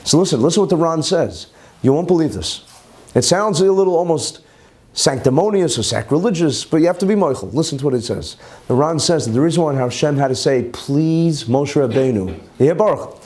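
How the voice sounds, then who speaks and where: A man, a rabbi, teaching a class and telling stories with animated delivery. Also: a little high, brisk. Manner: animated, quotes figures in raised voices. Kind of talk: Torah class with storytelling.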